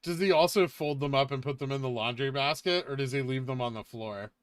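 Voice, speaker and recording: A man's voice: medium pitch, brisk, clean tone, no echo. A man hosting a casual livestream, reading viewer questions aloud and answering them, saying he is getting tired. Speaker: livestream host reading chat.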